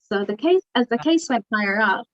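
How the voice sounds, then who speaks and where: A young adult woman telling her story as an interview guest, animated and acting out the dialogue. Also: on the high side, moderate pace, dry recording. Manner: animated, acts out quoted dialogue. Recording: dull lo-fi dry recording.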